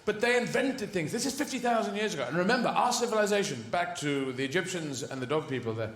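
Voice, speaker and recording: A man's voice: high-pitched, animated, quick pace, a bit bright. A man doing a stand-up comedy routine, rambling through tangents and swearing freely. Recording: echoey venue with faint ambience.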